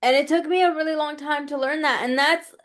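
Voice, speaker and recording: A woman's voice: high voice, steady tone, a little fast. A woman guest on a podcast talking over a video call, reflective and thoughtful, with plenty of casual fillers.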